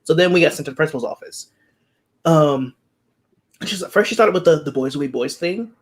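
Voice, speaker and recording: Fast-talking young woman telling stories. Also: deep voice. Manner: animated, acts out quoted voices. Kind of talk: casual storytelling chat.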